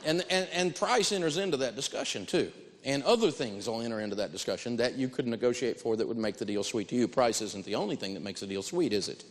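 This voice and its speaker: A man giving an animated talk on negotiating, telling personal stories and repeating key phrases for emphasis. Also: mid-range voice, quick pace, in a large hall. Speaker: financial speaker teaching negotiation.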